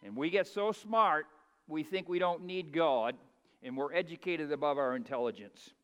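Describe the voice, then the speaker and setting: High-voiced man preaching in a reverberant hall. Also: moderate pace, clean tone, dull audio. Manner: folksy preaching, rising to loud emphatic climaxes. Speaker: pastor. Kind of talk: sermon.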